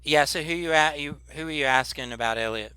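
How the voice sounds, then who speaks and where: A man's voice: on the high side, fairly quick, pushed and bright, clean tone, dry recording. A man running a tabletop game as game master, laid-back and rambling with lots of fillers.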